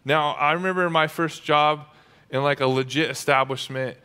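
A male pastor preaching a sermon in a conversational, energetic way. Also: fairly high pitch, normal speed, clear, resonant tone.

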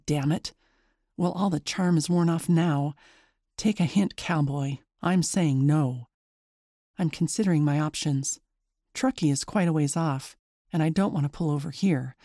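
Woman reading a first-person scary story, chatty, mellow tone, dry close sound. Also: fairly low pitch, no echo. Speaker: story narrator. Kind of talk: scripted first-person narration.

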